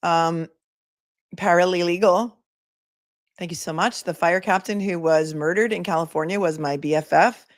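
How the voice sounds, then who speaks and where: A woman's voice: fairly low pitch, moderate pace, dry recording, studio quality. A middle-aged woman attorney hosting a casual livestream, chatting and reading viewer comments aloud.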